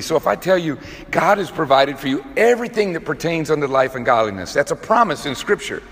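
Male preacher, fairly high voice, emphatic, restarts often, echoing church hall. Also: expressive, brisk, a bit bright. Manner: emphatic, repetitive restarts, acts out quoted voices. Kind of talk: sermon. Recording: long hall reverb.

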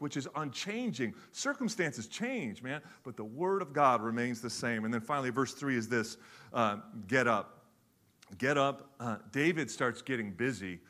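Animated male pastor preaching. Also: fairly high pitch. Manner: animated storytelling, acts out voices, swings from loud to hushed. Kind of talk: sermon.

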